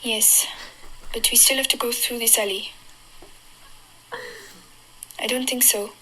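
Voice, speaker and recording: A woman's voice: on the high side, fairly even intonation, slow, sharp tone, slight background noise, rough recording. A teenage actress voicing a frightened teenage girl who leads her little brother, in a French accent, for an audition recording. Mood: hushed. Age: teens.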